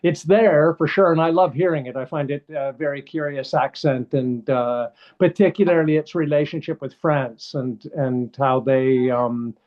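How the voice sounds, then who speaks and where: A man's voice: a little high, moderate pace, hardly any pauses. A middle-aged man with a Canadian accent, a guest comedian chatting casually in an interview, wandering through tangents with plenty of "uh" and "you know". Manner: rambling, digressive, heavy on fillers and trivia. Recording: dull lo-fi call audio.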